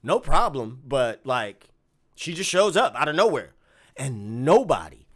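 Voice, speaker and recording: A man telling a story from his gigs in a casual vlog, swinging from low muttering to loud outbursts. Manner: animated, swings from muttering to shouting. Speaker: bass player telling a story.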